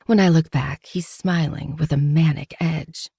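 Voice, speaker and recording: A woman's voice: deep voice, steady tone, unhurried, gravelly, warm tone, husky, no echo, clean studio sound. A woman narrating a first-person novel with dramatic storytelling.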